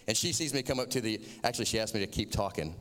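A man's voice: lowish voice, very fast, fairly bright tone, long reverb tail. A man from Florida with a Southern accent, giving a sermon as a chatty, self-mocking personal story.

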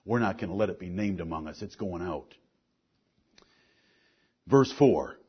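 A man's voice: unhurried, breathy edge. A man preaching a sermon as pastor, reading scripture and explaining it to his congregation with strong emphasis. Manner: preaching with rising emphasis, then dropping to a low, quiet delivery. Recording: dull lo-fi church recording.

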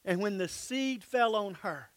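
A pastor preaching a sermon in a church, emphatic, sometimes dropping to soft, low asides. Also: male voice, animated, unhurried.

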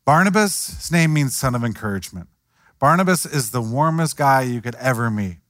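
A man's voice: medium pitch, animated, a little fast, fairly bright tone, no room sound, clean studio sound. A man preaching a sermon in a conversational way, acting out the voices of the people he quotes. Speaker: pastor.

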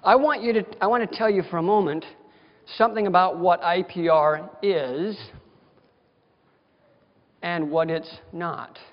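In a lecture hall, a dental lecturer addresses dentists at a continuing-education event, unhurried and pausing often in a high voice. His manner is folksy, direct and emphatic, and the audio is dull with a long hall reverb.

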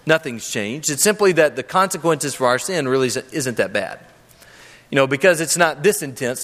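Pastor, male, earnest and emphatic sermon delivery, fairly high bright voice, long hall reverb. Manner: earnest, emphatic preaching with rhetorical questions. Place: church sanctuary with a live audience.

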